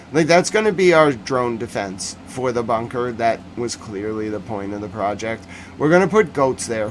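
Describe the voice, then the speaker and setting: A man's voice: mid-range voice, slight background noise. A male host runs a casual livestream news recap in a mid-range voice. He jokes and rambles, riffing off the top of his head with lots of animation.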